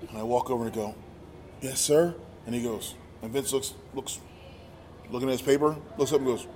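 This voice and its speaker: A man telling a story in casual chat, acting out quotes with animated energy. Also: medium pitch, a little fast. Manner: animated, acts out quotes loudly. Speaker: podcast guest, former wrestler. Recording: roomy with long reverb and faint noise.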